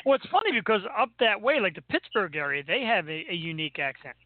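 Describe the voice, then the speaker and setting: A man's voice: high-pitched, big pitch swings, quick pace, no room sound. A man with a Philadelphia accent co-hosting a casual chat, joking and rambling. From Philadelphia area. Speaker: co-host. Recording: tinny phone-like call audio, dry.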